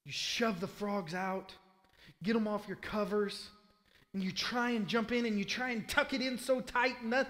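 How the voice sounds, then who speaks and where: A man pastor preaching a sermon, telling a vivid story in the second person and swinging between loud and hushed. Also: very high voice, steady tone, moderate pace, long reverb tail. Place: church sanctuary.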